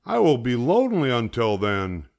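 An older man voicing an eager, cheerful male frog in a storybook read-aloud, calling out excitedly to his friend. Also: lowish voice, a little slow. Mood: coaxing.

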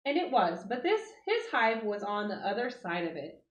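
A woman reading a picture book aloud to children, with animated, expressive storytelling. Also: medium pitch, moderate pace. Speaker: 4-H club leader. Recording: roomy, dull lo-fi audio.

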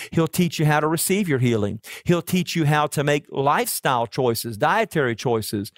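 A man preaching a sermon as pastor, telling stories earnestly and slowing down to stress key words. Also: on the high side, no echo, studio quality. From Oklahoma.

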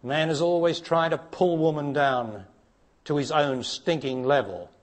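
A man giving a spiritual talk to an audience, blunt and challenging, dropping to hushed tones and then rising to emphatic ones. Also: a little slow. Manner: blunt, challenging, preacher-like, asks direct questions; swings between hushed low passages and raised emphatic ones. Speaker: spiritual teacher.

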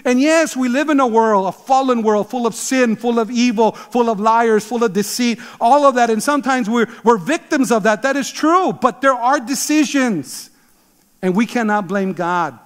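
A man in his sixties, a pastor, preaching an emphatic, animated sermon. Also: very high-pitched, normal speed, long reverb tail. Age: 60s. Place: church sanctuary.

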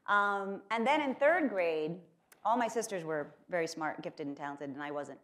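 Delivering a keynote in a conference lecture hall, a woman from Corpus Christi, Texas, speaks at normal speed in a lowish, fairly bright voice. She tells chatty, self-deprecating stories laced with plenty of fillers.

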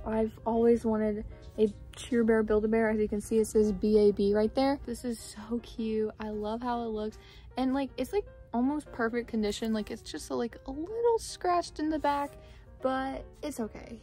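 A young woman vlogger showing off her haul in a casual, gushing way, full of "like" and "oh my gosh". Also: fairly high pitch. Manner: gushing, excitable, lots of "like" and "oh my gosh".

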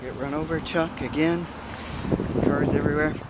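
A man's voice: on the high side, steady tone, normal speed. Rambling older man vlogging outdoors. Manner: rambling, chatty, sidetracked. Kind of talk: casual vlog narration. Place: outdoors in a city street. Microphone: handheld camera. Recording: noisy outdoor camera audio.

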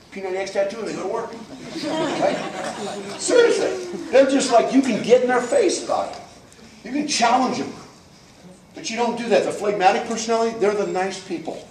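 A man's voice: sits high, a little mellow, slight background noise. A man giving a folksy, emphatic motivational talk at a business coaching event, acting out the people he describes. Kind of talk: live motivational talk to an audience. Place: event hall, indoors. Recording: echoey hall, voice picked up from far off.

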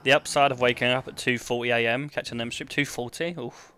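A man's voice: mid-range voice, steady tone, a little fast, fairly bright tone, clean tone. A young British man, feeling sick, chatting casually with his live-stream chat while gaming, joking and reading out comments. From United Kingdom. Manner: joking, banter with chat, reads comments aloud.

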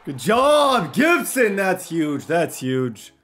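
A young man giving excited commentary on his own video game, shouting at big plays and repeating himself. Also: high-pitched, slow, faint music behind.

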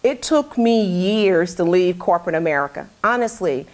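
A woman's voice: on the low side, lively intonation, moderate pace. A woman talk show host, now the guest in an interview, telling a personal story in a candid, heartfelt way.

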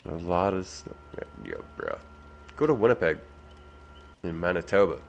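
A man chats bluntly with friends while he games, his pitch leaping around as he jokes and swears. There is a faint hiss of noise behind him. He is easygoing but loud about it when the game annoys him. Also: wildly swooping pitch, normal speed, vocal fry, muffled recording. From Canada. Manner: blunt, swears freely, laughs easily. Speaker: streamer and father. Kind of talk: casual gaming chat.

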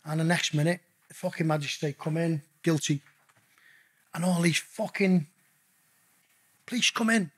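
Man, husky voice, fairly high pitch, profane podcast storyteller, lively and casual. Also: moderate pace, pauses often. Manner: profane, swears constantly; lively anecdotal storyteller, addresses the host as mate. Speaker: guest telling his story.

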